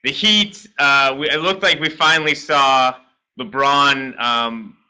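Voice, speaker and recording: Dude hosting a chill podcast, bright sharp voice, rambly. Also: male voice, medium pitch, takes it slowly, clear, resonant tone, poor audio. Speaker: host. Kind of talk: casual podcast chat.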